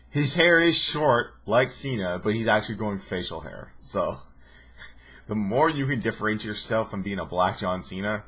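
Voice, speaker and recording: A man's voice: on the low side, bright, forceful tone. A young man in his twenties recapping a TV episode in a casual, sarcastic way, often mimicking people. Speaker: show reviewer.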